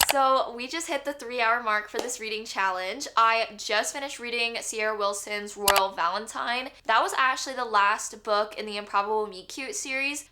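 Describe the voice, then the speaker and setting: A woman's voice: fairly high pitch, sharp tone. A young woman chatting casually on her book vlog, bubbly and full of "like" fillers. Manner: chatty, bubbly, heavy use of "like". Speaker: book vlogger.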